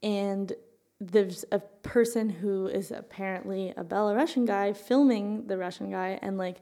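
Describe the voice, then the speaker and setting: Podcast co-host, woman, mellow and gravelly, rambles while searching for words. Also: mid-range voice, steady tone, unhurried. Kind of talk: casual conversational explanation.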